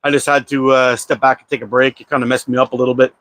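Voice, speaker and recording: A man's voice: mid-range voice, flat delivery, fast talker, fairly bright tone, no room sound. A man hosting a casual live-stream chat about slingshots, talking in a laid-back, rambling way with lots of "uh" fillers. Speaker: slingshot channel host. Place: at home.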